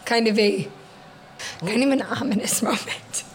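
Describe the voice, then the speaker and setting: A woman's voice: fairly high pitch, a little slow, crowd noise. A woman co-hosting a podcast, telling a story in a chatty way and laughing often. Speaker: podcast co-host. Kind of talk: casual chat.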